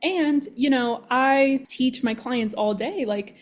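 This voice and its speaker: Bubbly higher-voiced woman telling a story. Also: slow pace. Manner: animated storytelling, acting out her own thoughts. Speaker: manifestation coach. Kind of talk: casual podcast chat.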